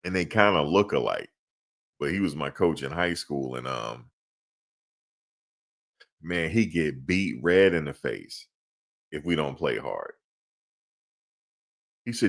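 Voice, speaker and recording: Man, very deep voice, lively swinging pitch, casual sports podcast chat, slangy. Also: unhurried, gravelly, long pauses. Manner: animated, slangy, laughs often.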